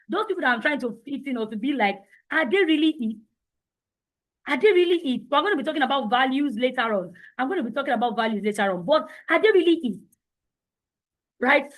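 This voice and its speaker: A high-voiced woman leads an online session for teenagers. She speaks loudly and boldly, with a confident coach's delivery that pushes each point home. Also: poor audio. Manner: loud, bold and confident. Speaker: teen identity coach. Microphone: online meeting.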